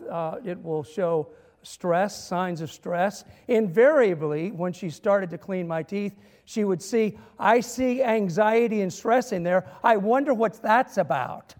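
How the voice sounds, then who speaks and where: A man's voice: high-pitched, darkish tone, big-room sound. A male minister preaching a sermon, telling humorous stories and building to emphatic points. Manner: storytelling with humor and dramatic emphasis.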